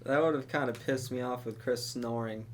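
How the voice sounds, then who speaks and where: A man's voice: medium pitch, steady tone, normal speed, a little hiss or hum. A young man co-hosting a podcast in casual chat, telling stories with laughs and swearing freely. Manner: laughing storyteller who acts out quotes, swears freely. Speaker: podcast co-host.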